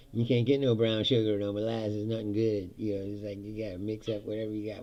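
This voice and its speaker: A man's voice: on the low side, normal speed, gravelly, highs cut off. A man hosting a casual, profane monologue, laughing often and mocking others in silly voices. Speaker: host.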